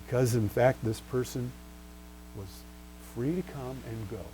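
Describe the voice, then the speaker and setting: Man lecturing on law, mellow voice. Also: medium pitch, a little slow, a little hiss or hum, poor audio. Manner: rhetorical questions, answers them himself; stresses key terms and spells out case names. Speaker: bar exam lecturer.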